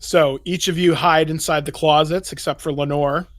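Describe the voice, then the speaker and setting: Brisk man narrating as game master. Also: on the high side, fairly even intonation, no echo.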